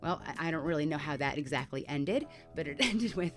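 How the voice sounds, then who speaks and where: A woman with a lowish voice telling her own story to camera. She talks candidly and conversationally, with plenty of fillers. Faint music plays underneath. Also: animated, fairly quick, hardly any pauses. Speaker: mental health vlogger.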